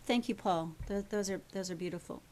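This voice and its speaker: A woman's voice: mid-range voice, brisk, slight background noise. Chatty woman coaching a workshop. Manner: chatty, rambling, checks in with "right?". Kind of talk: teaching a live workshop group.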